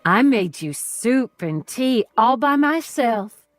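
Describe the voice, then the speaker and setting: A woman's voice: fairly high pitch, very animated, slow pace, no echo, faint music behind, pitched above the performer's own voice. A woman voicing a white-haired male kidnapper who speaks with a twangy American Southern accent and a child's cadence. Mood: childishly eager. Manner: childish, wheedling, turning menacing.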